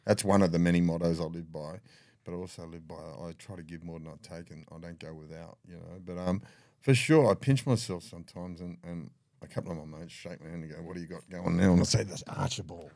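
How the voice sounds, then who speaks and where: A middle-aged man with an Australian accent and a very deep, low-pitched voice. He spins rough, profane yarns in a casual chat, breaking into laughter as he goes. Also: fast talker, a little mellow, dry recording. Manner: profane, laughing yarn-spinner. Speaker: guest. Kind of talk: casual storytelling.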